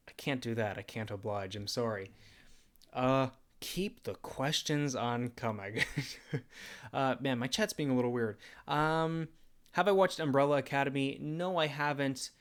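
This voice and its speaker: Young male streamer, casual Q&A, mid-pitched voice, rambling, jokey, filler-heavy. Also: a little slow, smooth. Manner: rambling and self-deprecating, with frequent laughs and fillers. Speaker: channel host. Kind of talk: casual livestream Q&A chat.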